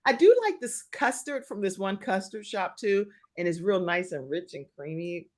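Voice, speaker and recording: A woman's voice: mid-range voice, expressive, normal speed, darkish tone. A woman in her forties hosting a live talk show, chatting and laughing as she reads out viewer comments.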